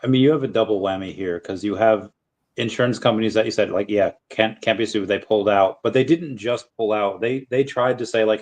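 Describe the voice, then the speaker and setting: A man's voice: on the low side, fairly even intonation, darkish tone. Man, podcast co-host, fired-up rant, casual chat. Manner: fired-up ranting, quick asides.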